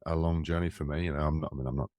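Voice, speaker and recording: An Australian man with a very deep, mellow voice talks in a relaxed, reflective way. He circles his thoughts with frequent restarts and fillers. The sound is close and dry. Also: racing, no echo. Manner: reflective, rambling with many restarts. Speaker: musician guest and co-host. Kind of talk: casual conversation.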